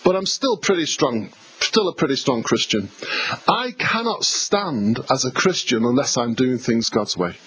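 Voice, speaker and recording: A man's voice: medium pitch, very animated, unhurried, a bit bright, slightly rough, poor audio. An English man preaching a sermon as pastor, emphatic and conversational, repeating himself and speaking to the congregation. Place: church hall.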